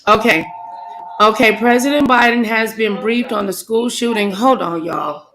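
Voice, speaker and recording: A woman's voice: fairly high pitch, measured pace, a crowd in the background, poor audio. A woman hosting a live stream, shaken and stumbling as she reads breaking news aloud.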